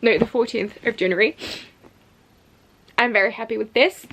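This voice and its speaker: A woman's voice: on the high side, normal speed, a bit bright. A young woman chatting to camera at home about books she bought, scattered and rambling, with asides and restarts. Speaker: book vlogger. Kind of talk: casual chat to camera.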